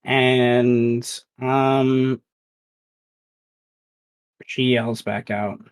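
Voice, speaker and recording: A man narrates a tabletop role-playing session as game master at an unhurried, slow pace. His delivery is loose and halting, full of fillers as he works out the scene. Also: medium pitch, poor audio.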